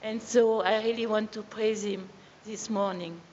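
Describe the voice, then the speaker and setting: A woman's voice: mid-range voice, steady tone, unhurried, a little mellow. An older woman with a French accent telling an earnest faith story to a church congregation. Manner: earnest storytelling, some hesitation. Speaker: preacher's wife giving testimony. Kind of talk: sermon testimony. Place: church hall. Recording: echoey hall, muffled sound, faint background noise.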